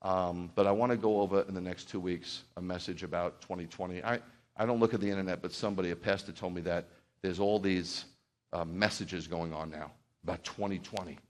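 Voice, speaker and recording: Preaching in a church, this middle-aged male pastor begins in a sincere, meandering way and then rises into passionate urging. He speaks fairly quickly in a low voice with a steady tone.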